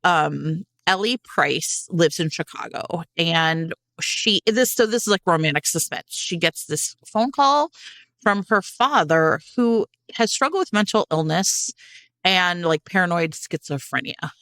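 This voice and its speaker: A woman's voice: on the low side, animated, a little slow, a bit bright, no echo, clean studio sound. A woman co-hosting a podcast in casual chat about romance books, laughing often and swearing with enthusiasm. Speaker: podcast co-host.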